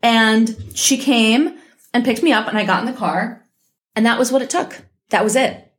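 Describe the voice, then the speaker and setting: A woman from the United States talks alone into her podcast mic at home, slightly high-pitched, blunt and heated, swearing freely. She is still getting over an illness and may break into a cough. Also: normal speed. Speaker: podcast host. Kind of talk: casual solo podcast monologue.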